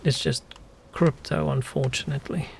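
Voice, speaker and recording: Gravelly man streaming games. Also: a little high, fairly even intonation, normal speed, darkish tone, slight background noise. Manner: musing, chatty, wanders off on tangents. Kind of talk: casual gameplay commentary.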